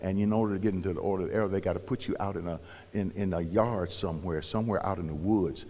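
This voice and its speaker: A male pastor from Cleveland, Ohio, telling a story in a sermon, animated, rising to loud emphasis and dropping to hushed whispers. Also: low voice, fast, big-room sound. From Cleveland, Ohio, USA. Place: church sanctuary.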